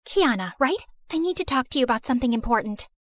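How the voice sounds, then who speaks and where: A pushy popular teenage girl from an animated story, rattling off her plan with quick persuasion, voiced by a woman. Her voice is fairly high and animated. The sound is dry. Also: no echo. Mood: scheming.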